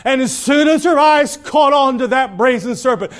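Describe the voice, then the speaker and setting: A man preaching a sermon, telling a story dramatically and swinging from hushed tones to loud calls. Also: very high voice, moderate pace. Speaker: pastor.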